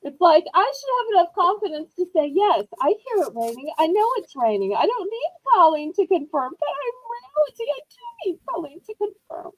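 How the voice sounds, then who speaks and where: Bubbly high-voiced woman hosting. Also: sing-song, normal speed, few pauses, no echo, low-quality recording. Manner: bubbly, rambling, self-teasing. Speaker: live auction host. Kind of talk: chatty live-stream sales pitch. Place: indoors at home.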